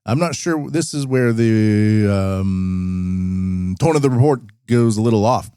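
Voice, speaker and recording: Low-voiced man riffing on news. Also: animated, slow pace, dark tone, smooth, no echo, clean studio sound. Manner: rambling, sarcastic asides while reading articles. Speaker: podcast host. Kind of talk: casual news commentary.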